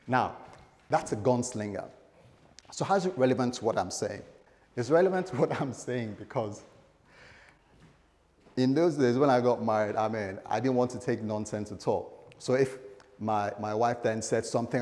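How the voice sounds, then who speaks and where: A man's voice: mid-range voice, normal speed, long pauses, darkish tone. A middle-aged man preaching a sermon, telling a story dramatically with humorous asides to the congregation. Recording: echoey hall.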